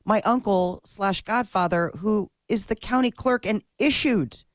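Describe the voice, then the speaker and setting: A woman co-hosting a morning radio show, telling a story in casual chat, animated and full of quick asides. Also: medium pitch, dry recording, studio quality. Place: radio studio.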